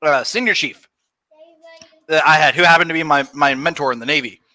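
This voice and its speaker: A man's voice: on the high side, a little fast, sharp tone. A young man, a guest, telling profane stories in loose casual chat. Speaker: podcast guest.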